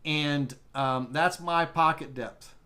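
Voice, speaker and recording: A man teaching a live CNC software tutorial, thinking aloud with restarts as he works through settings. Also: a little high, steady tone, slow pace. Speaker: woodworking CNC instructor.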